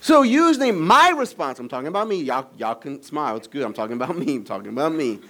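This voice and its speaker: A middle-aged man preaches in a church sanctuary. He talks to the congregation casually, with teasing asides, then climbs high and loud to drive home a point. His delivery swings widely between quiet and raised moments. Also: rapid-fire. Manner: animated preaching, rising high and loud in emphasis. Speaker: pastor. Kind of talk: sermon.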